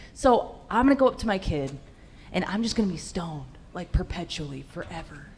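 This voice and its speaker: A woman's voice: lowish voice, expressive, brisk, a little hiss or hum. A young woman doing a stand-up set in a comedy club, brash and profane with punchy delivery into a handheld mic.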